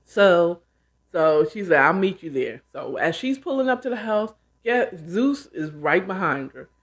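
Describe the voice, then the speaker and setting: A woman host casually retelling a novel she's reading, with chatty, animated asides. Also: fairly low pitch, measured pace. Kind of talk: casual book retelling and commentary.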